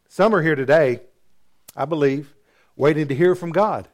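Male pastor, slightly high voice, lively storyteller preaching a sermon. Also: moderate pace, long pauses. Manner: animated storytelling, acting out characters.

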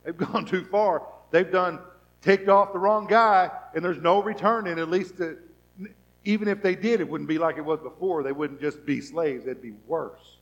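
Animated man preaching a sermon. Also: high-pitched, normal speed, muffled recording. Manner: rhetorical questions, voices people's thoughts, animated swings in loudness. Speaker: pastor.

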